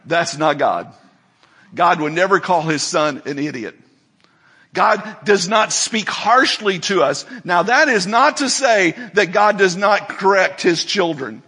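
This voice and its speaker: A man preaching a sermon to a congregation, moving from quiet, intimate asides to loud, emphatic declarations. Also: sits high, animated, unhurried, slightly rough. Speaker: pastor.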